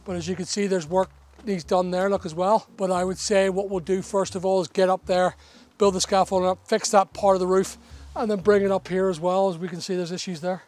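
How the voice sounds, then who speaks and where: Chatty high-voiced man. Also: flat delivery, a little fast, darkish tone. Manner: chatty, explains as he goes, teasing asides. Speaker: vlogger renovating a property. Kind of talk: casual walk-around vlog.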